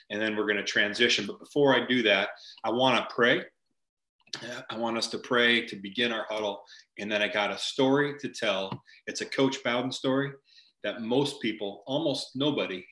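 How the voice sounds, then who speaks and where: A man's voice: lowish voice, bright, forceful tone. A man hosting a ministry huddle over a video call from home, leading a prayer and telling a story earnestly, often repeating and restarting phrases. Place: home, virtual meeting. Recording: echoey room.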